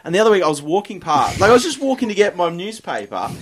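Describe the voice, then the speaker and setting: A man co-hosting a casual chat, telling sweary, animated stories. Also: high-pitched, fast, slight background noise. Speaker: podcast co-host. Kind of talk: casual banter.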